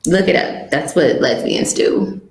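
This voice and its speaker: A young woman with a lowish voice speaks as an interview guest, telling a personal story in a candid, rambling way. Her voice rings in a roomy, echoey space. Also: fairly bright tone.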